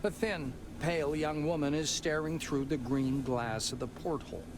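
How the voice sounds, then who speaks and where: A man reading scripted narration for a video game in an even, descriptive voice. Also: fairly high pitch, normal speed, background noise, natural voice.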